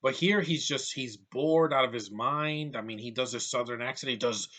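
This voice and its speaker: A man's voice: mid-range voice, moderate pace, a bit bright. A man giving a blunt, exasperated movie review at home, swearing casually and piling on complaints.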